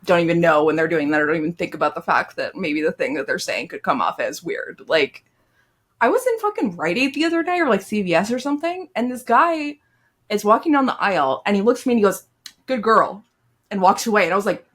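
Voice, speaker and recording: Husky young woman, animated and laughing. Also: mid-range voice, fast. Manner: laughing often, swearing, animated. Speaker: podcast co-host. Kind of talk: casual chat.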